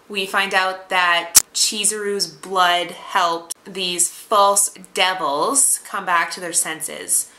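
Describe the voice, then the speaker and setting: A woman's voice: mid-range voice, bright, forceful tone. A woman recapping an anime episode as a reviewer, chatty and sarcastic. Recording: roomy echo.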